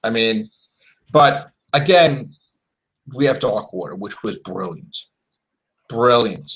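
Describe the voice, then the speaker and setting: Animated man ranting in casual chat. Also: fairly low pitch, takes it slowly, poor audio. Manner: animated, exclaiming, acts out quotes.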